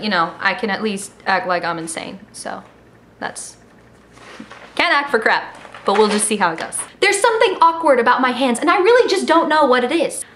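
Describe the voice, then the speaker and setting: A woman's voice: medium pitch, fairly bright tone, a little hiss or hum. A woman in her early twenties from Miami, with a slight Miami accent, talking to a camera at home in a sassy, joking, casual way. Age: early 20s. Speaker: vlogger. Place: home in California. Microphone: camera mic.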